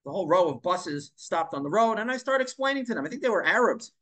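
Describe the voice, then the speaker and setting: A man's voice: high-pitched, very animated, fast, fairly bright tone. A man telling a story in a casual monologue, emphatic, repeating and stumbling over words at times. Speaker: online commentator.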